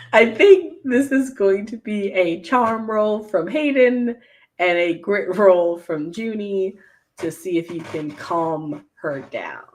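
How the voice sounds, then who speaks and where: A woman narrating as game master in a tabletop game, measured and dryly amused. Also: mid-range voice, lively intonation. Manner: slow, measured, with light laughs.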